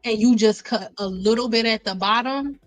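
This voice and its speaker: High-voiced woman joking on a live stream. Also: moderate pace, soft background music, rough recording. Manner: animated, playful, repeats herself for effect. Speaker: hair care live stream host.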